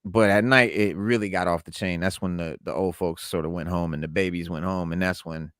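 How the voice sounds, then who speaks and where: Laid-back low-voiced man telling stories. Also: steady tone, a little fast, fairly bright tone, clear, resonant tone, no echo, clean studio sound. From New York. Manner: laid-back slangy storytelling. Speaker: podcast co-host. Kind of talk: casual chat.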